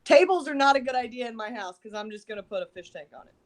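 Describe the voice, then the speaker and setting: A woman chats excitedly on a group video call, her voice sitting fairly high. She talks quickly and playfully, even talking to her fish. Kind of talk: casual chat.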